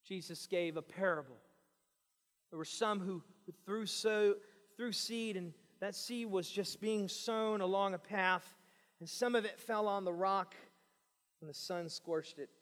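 A man with a very high voice preaches slowly and deliberately, drawing his words out. He pleads with the congregation, dropping to a hush and then rising to a shout, and his voice rings on in a hall with a long reverb. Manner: pleading, swings from hushed to shouted. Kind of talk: sermon.

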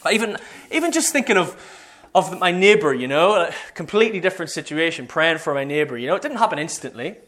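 A man preaches a story-driven sermon, and his fairly high voice swings widely in pitch. He talks with animation and acts out the voices of the people he describes. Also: sing-song, quick pace, fairly bright tone.

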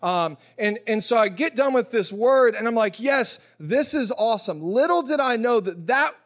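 A man's voice: very high-pitched, expressive, moderate pace. A young man from Mississippi, preaching a casual, emotional sermon that mixes prayer with personal testimony. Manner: casual, storytelling, emotional, acts out quoted voices. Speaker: pastor.

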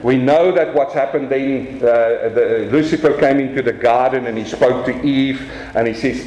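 A man with a South African accent preaching a lively sermon from the pulpit. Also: mid-range voice, moderate pace, few pauses, echoey room, poor audio. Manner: animated preaching, swings from quiet to raised. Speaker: pastor.

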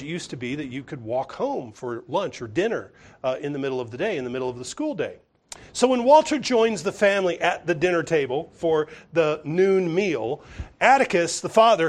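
A man preaching a sermon who retells a story in an animated way, now and then restarting a phrase. His voice sits fairly high and swings widely in pitch as he speaks. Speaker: pastor.

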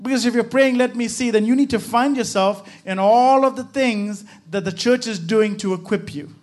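A man's voice: high voice, moderate pace, darkish tone, dry recording. A man pastor preaching a sermon with emphatic, repetitive rhythmic phrasing.

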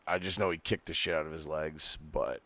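A man's voice: extremely low pitch, brisk, sharp tone. A man co-hosting a late-night fight podcast from home, talking bluntly and casually and swearing freely. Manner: blunt, profane, laid-back. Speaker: podcast co-host. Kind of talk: casual chat. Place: home, fan running.

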